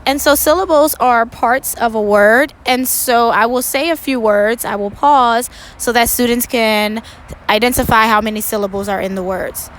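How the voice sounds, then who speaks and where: A woman teaching first grade, giving a recorded lesson for parents and students in a slow, clear and instructive way, stressing words for young pupils. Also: fairly high pitch, slight background noise, rough recording.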